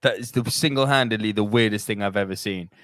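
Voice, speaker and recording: A man's voice: on the low side, a bit bright, no room sound, clean studio sound. A man hosting a live stream, reading viewer comments aloud in a teasing, swearing, casual chat. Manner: teasing, swearing, quick laughter.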